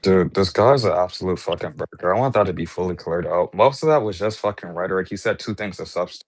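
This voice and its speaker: A man's voice: low voice, fast, dry recording. A man in a heated online debate who mocks his opponent and swears while pressing him with pointed questions. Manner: mocking, profane, questioning.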